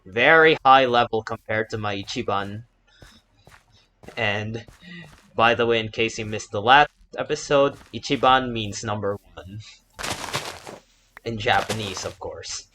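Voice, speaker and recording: A man giving casual let's play commentary as he plays, chatty and breaking into loud panicked shouts, with Japanese exclamations sprinkled in. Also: lowish voice, unhurried, long pauses, rough recording. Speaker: gaming YouTuber and English teacher.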